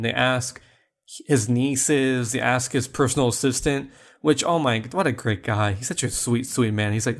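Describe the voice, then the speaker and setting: In a relaxed film review conversation, a male podcast co-host speaks at a normal speed in a mid-range voice. His talk is scattered with fillers and frequent restarts.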